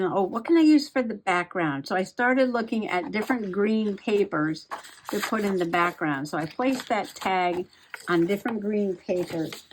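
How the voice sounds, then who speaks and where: A woman's voice: mid-range voice, a little hiss or hum. A middle-aged woman chatting casually to herself while journaling and crafting, giggling often as she goes. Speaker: journaling vlogger.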